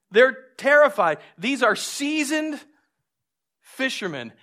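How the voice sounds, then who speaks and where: A man preaching a sermon, telling stories with lively, acted-out moments and drawing lessons from scripture. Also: sits high, unhurried. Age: adult with a young son. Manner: animated storytelling, acts out scenes. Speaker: pastor.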